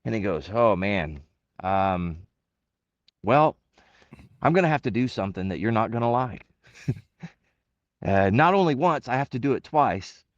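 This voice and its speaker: A middle-aged man, a retired Marine, casually telling stories and acting out the voices of the people in them, with sudden jumps in pitch and laughter. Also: a little slow, pauses often, dry recording, dull audio. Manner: animated, acts out quotes with big pitch jumps and laughs. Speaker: interview guest, retired Marine. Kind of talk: casual storytelling.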